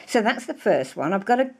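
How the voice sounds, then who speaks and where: A woman's voice: fairly high pitch, a little mellow, breathy edge. An older woman with a British accent, chatting effusively and rambling as she shows off craft supplies in a casual vlog. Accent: British English. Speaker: crafting vlogger. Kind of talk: casual show-and-tell chat.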